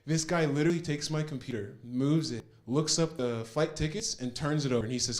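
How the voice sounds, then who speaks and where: A man's voice: mid-range voice, fairly quick, hardly any pauses. Earnest man telling his story. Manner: earnest storytelling, repeats words for emphasis. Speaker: program participant giving a testimonial. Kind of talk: personal testimonial.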